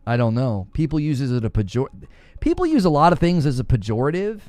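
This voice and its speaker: Animated, laughing gaming news host, man. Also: a little high, fast talker, no room sound, faint music behind. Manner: sarcastic, laughs often, mocks insults in put-on voices. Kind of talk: casual commentary.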